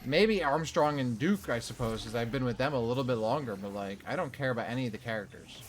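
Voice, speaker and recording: A man's voice: medium pitch, animated, fast. Chatty laughing male game streamer. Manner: chatty, laughing, sarcastic critique. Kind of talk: casual let's play commentary.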